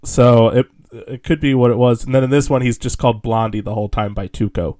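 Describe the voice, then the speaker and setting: A man talks through a film in a loose, rambling way, circling his points with fillers and restarts. His pitch sits in the middle, and he laughs easily along the way. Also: steady tone, a little fast, mellow. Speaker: podcast co-host. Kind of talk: casual film discussion.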